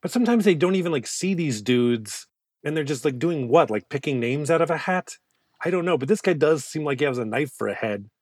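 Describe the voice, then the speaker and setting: A man's voice: a little high, animated, a little fast, no echo, clean studio sound. A man co-hosting a movie podcast in casual, rambling chat, joking and swearing freely. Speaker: podcast co-host.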